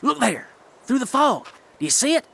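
An actor playing a folksy, rugged mountain guide who talks in a homespun drawl. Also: male voice, very high-pitched, very animated, normal speed, vocal fry, bright, forceful tone, slightly rough, heavily acted. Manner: folksy drawl, says "reckon".

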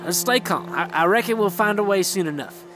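An actor playing a folksy, rugged mountain guide who talks in a homespun drawl. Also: male voice, sits high, a little fast, music in the background, lightly acted. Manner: folksy drawl, says "reckon".

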